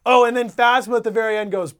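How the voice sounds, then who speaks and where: A man co-hosting a casual chat, talking in an animated, joking way and acting out voices in his stories. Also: very high voice, quick pace, clean tone. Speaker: podcast co-host.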